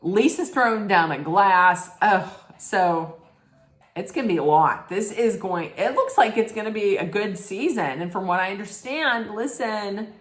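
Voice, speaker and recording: A woman's voice: medium pitch, expressive, a little slow. A woman giving a rambling, blunt casual rant as a reality TV recap vlogger, swearing freely. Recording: roomy echo.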